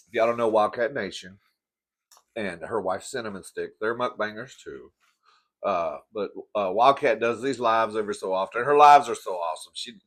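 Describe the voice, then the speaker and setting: Speaking with a fairly low, fairly bright voice, this man hosts an eating show. He keeps up chatty, campy talk to the camera, eats between sentences, and addresses viewers as "girl."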